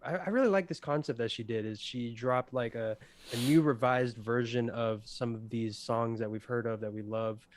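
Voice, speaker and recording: A man's voice: mid-range voice, moderate pace. A young man co-hosting a casual livestreamed podcast, rambling with lots of fillers and easy laughter. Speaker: podcast co-host presenting awards.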